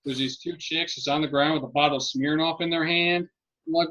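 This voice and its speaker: A man's voice: fairly high pitch, fairly quick, highs cut off. A man co-hosting a podcast, telling a story in a casual group chat with lots of swearing. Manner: profane, animated storyteller. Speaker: podcast co-host.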